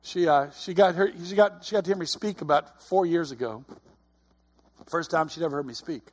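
A man's voice: fairly high pitch, brisk. A middle-aged man giving a conversational sermon, earnest, often repeating his words. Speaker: preacher.

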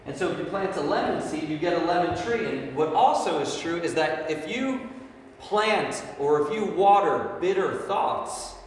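A man in his thirties preaching to a young crowd with an easy, conversational manner, voice sitting a little high for a man. He is heard from some distance across a big, echoey hall, with a long reverb tail and faint room hiss behind him. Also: animated, moderate pace. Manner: conversational, asks the room frequent "right?" questions. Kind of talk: casual sermon to a youth group.

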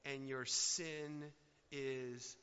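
A man preaching a sermon as a pastor, swinging between loud emphatic outbursts and quiet, soft asides. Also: mid-range voice, flat delivery, very slow, clean tone. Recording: dull sound with long hall reverb.

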